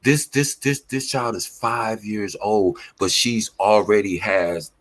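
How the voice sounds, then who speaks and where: Middle aged guy, aave, lowish voice, casual live stream chat, storytelling. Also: takes it slowly, dry recording. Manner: storytelling, animated quoting of his daughter.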